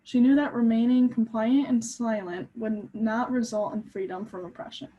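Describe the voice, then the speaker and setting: A young woman gives a class presentation, explaining her points earnestly from her notes. Her voice sits fairly high but has a mellow, warm tone. She stumbles now and then, pausing on an um or restarting a phrase. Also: steady tone, highs cut off. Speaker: student presenter.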